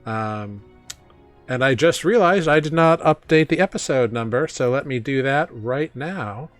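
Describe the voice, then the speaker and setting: Relaxed man hosting a tabletop stream. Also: mid-range voice, unhurried, soft background music. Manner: relaxed, many "uh" fillers, laughs often. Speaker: game master. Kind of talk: casual stream chat, hosting a tabletop game.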